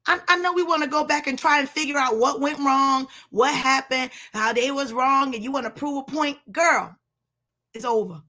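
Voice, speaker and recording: A woman's voice: high voice, normal speed, bright, forceful tone. A woman giving a blunt, preachy motivational talk on a live stream, speaking straight to her listeners as sis and y'all.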